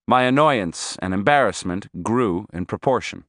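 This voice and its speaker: A man's voice: fairly low pitch, lively intonation, moderate pace, a bit bright, no room sound, clean studio sound. A man reading a first-person story aloud as an audiobook narrator, telling it expressively.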